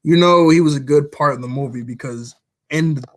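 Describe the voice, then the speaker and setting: A man's voice: on the high side, a little fast. A man chatting casually about movies he likes, rambling along, often chuckling as he retells scenes. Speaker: vlogger.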